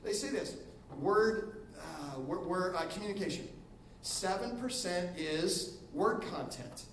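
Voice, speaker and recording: A man's voice: high-pitched, slow, echoey room, recorded from a distance, a little hiss or hum, low-quality recording. A middle-aged man preaching as a guest pastor in a casual, joking sermon style, acting out little quotes as he goes. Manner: animated, joking, acts out quotes. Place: church auditorium.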